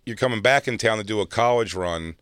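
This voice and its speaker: Man from South Jersey, lower voice, dry close mic, animated storyteller doing voices. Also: brisk, smooth, dry recording. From South Jersey, near Philadelphia. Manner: animated anecdote teller, acts out quotes. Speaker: comedian guest. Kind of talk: casual storytelling chat.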